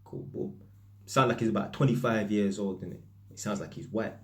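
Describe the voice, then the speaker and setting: A man's voice: fairly low pitch, normal speed. Slangy British man telling stories. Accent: British, London street slang. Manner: slangy, lively anecdotal delivery. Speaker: electrician. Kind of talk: casual storytelling to camera.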